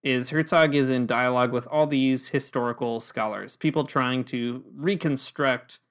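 A man's voice: mid-range voice, fairly even intonation, moderate pace, a bit bright, clean tone. A man co-hosting a podcast in casual chat, joking and easygoing, with frequent fillers. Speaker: podcast co-host.

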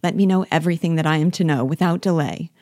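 A woman reading the part of a gentle, earnest young elder sister in an audiobook-style reading, sounding tender and easily astonished. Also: low voice, fast talker, no echo, clean studio sound, lightly acted.

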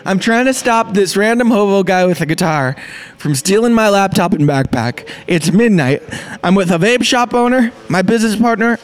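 A young man who owns a small business, excitedly telling a story and acting out the quotes. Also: high voice. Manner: excitable, acts out quotes in a rush. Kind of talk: animated storytelling.

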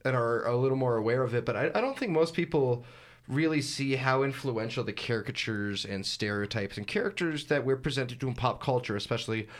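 A man's voice: mid-range voice, animated, a little fast. A young man hosting a radio talk show, chatting casually with many restarts and repeated words. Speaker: radio host. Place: radio studio.

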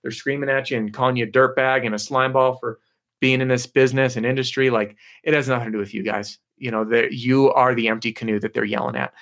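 A man's voice: mid-range voice, a bit bright. A man hosting a live motivational talk for salespeople, talking casually and upbeat, with lots of fillers and restarts.

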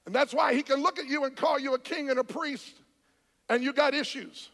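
High, gravelly preacher shouting in church. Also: male voice, steady tone, fairly quick. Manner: shouting preaching with call-and-response to the congregation. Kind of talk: charismatic sermon. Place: church sanctuary. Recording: church hall with long reverb.

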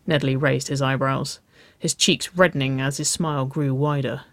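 A woman narrating a story aloud at a slow, steady pace. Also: rumbling low, no room sound, studio quality.

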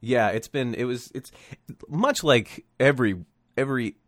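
A man's voice: medium pitch, moderate pace, no echo, clean studio sound. A man co-hosting a podcast in casual comedic chat, wry and joking, swearing freely. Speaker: podcast co-host.

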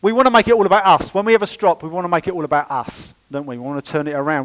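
A man delivers a sermon in church with a fairly high voice. He preaches in a lively, chatty way and drops playful asides to the congregation. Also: very fast, few pauses, rough recording. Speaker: pastor.

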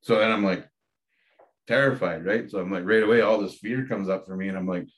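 A man's voice: on the low side, a little fast, fairly bright tone. A man, a podcast guest candidly telling a personal story with frequent fillers and restarts. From Ontario, Canada.

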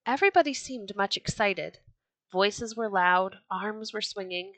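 A woman reading a classic tale aloud for a storybook podcast, with expressive storytelling. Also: mid-range voice, a little slow.

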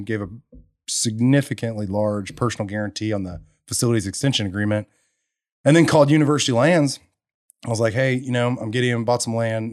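A man's voice: on the low side, dry recording, studio quality. A man, a podcast guest telling his story in casual chat, acting out quotes and laughing along. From Texas. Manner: animated storyteller, acts out quotes with bursts of laughter. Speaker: podcast guest, energy entrepreneur.

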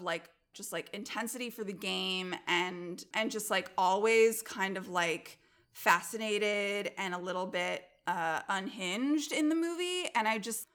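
A woman co-hosting a casual film-talk podcast, speaking at a middling pitch with a bright, forward tone. She talks with enthusiasm and leans on many filler words as she works through her thoughts. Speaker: podcast co-host.

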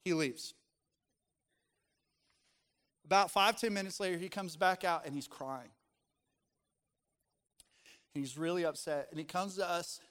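A man's voice: a little high, steady tone, moderate pace, long pauses, fairly bright tone, long reverb tail. A middle-aged man preaching as a pastor, reading scripture and speaking earnestly and conversationally to his congregation. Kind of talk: sermon.

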